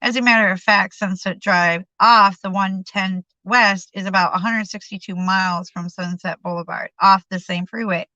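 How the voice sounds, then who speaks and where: A woman's voice: mid-range voice, fairly even intonation, moderate pace, few pauses, sharp tone, no echo. A woman reading a memoir aloud on a live stream, stumbling and restarting over words. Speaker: reader. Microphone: streaming microphone. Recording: dull lo-fi sound.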